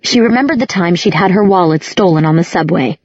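Woman narrator, audiobook reading, husky voice, dry close sound, somewhat muffled. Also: on the low side, expressive, a little fast, dry recording. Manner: reads all characters with small voice shifts. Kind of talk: scripted narration.

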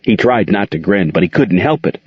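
A man reads a story aloud in a low, slightly husky voice. His pitch rises and falls freely as he tells it. The sound is dry and dull, with no room around it. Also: fairly quick, dry recording. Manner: expressive storytelling. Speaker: narrator. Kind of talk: audiobook narration. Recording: dull lo-fi recording.

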